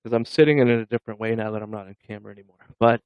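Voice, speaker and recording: A man's voice: fairly low pitch, racing, smooth, no room sound, dull audio. A man hosting a casual livestream, joking with viewers and laughing often. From Massachusetts. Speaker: livestream host.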